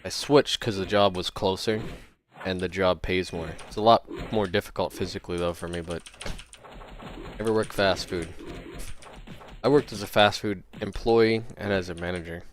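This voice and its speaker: A man with a fairly low voice chats casually through a gameplay livestream. He thinks out loud as he plays and trades teasing jokes with his viewers. A faint hiss with clicks sits behind him. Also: fairly even intonation, moderate pace. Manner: joking, teasing banter with chat; rambling, thinking aloud while playing. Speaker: gaming livestreamer.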